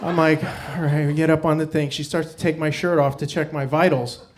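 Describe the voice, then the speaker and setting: Male storyteller, middle-aged, self-mocking, drops quiet and low at painful moments; stage mic. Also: steady tone, brisk, a faint crowd, a little hiss or hum. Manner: wry, self-mocking, dropping low and quiet on hard parts. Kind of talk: live personal storytelling. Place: stage before a live audience. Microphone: stage microphone.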